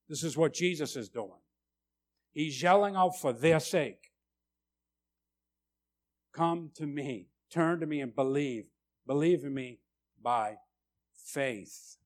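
Male preacher, slightly high voice, slow and deliberate, emphatic sermon delivery. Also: animated. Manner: emphatic, repeats "right?" to check in with listeners; slow, deliberate delivery with rising, urgent stresses.

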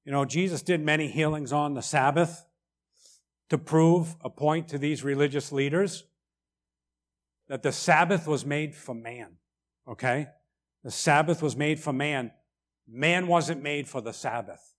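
A middle-aged man delivers a sermon with animated, emphatic preaching. His voice sits a little high for a man, and he keeps checking in with his listeners through short rhetorical asides. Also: a little slow, pauses often. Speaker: pastor.

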